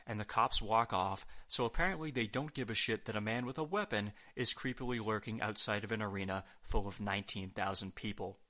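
A man narrates a scripted recap as the show's host. His tone is bright and forceful, and he drops dry, sarcastic asides along the way. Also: on the low side. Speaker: podcast host.

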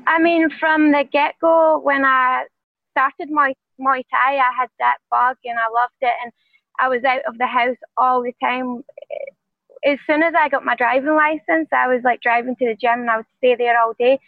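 A woman with a Scottish accent, a professional fighter answering interview questions in a quiet, soft-spoken way. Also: high-pitched, steady tone, moderate pace, no room sound, phone-quality sound. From Scotland.

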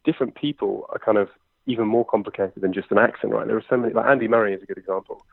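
A London-accented English comedian and impressionist in his twenties speaks in a lowish, steady voice with some vocal fry. Quick and chatty, he fills a conversational interview with fillers, and the phone-line audio is tinny, dry, and without echo.

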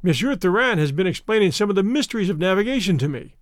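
Male narrator doing a polite young lady, slow and gracious, high lively pitch. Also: no room sound, clean studio sound.

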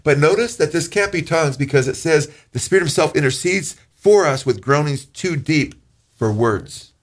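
A man preaching a sermon as pastor, talking earnestly, rising in pitch for emphasis and slowing down when he reads scripture. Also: expressive. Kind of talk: sermon teaching.

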